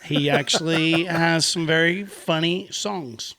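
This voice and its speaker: A man's voice: a little high, steady tone, takes it slowly, crowd noise. A man hosting a podcast, telling stories in a laid-back, chatty way with frequent laughs. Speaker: podcast host. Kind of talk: casual chat.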